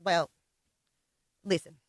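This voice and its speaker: A woman's voice: takes it slowly, no room sound, studio quality. A woman joining a live stream as a guest, talking in a playful, scattered, teasing way. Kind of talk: casual live banter.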